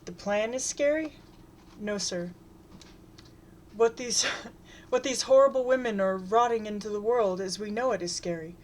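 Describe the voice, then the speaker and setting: A woman's voice: mid-range voice, a little slow, long pauses, a little hiss or hum, close to an everyday voice. A woman reading aloud and voicing a pompous male cult leader who preaches in mock-biblical speech. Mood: preachy.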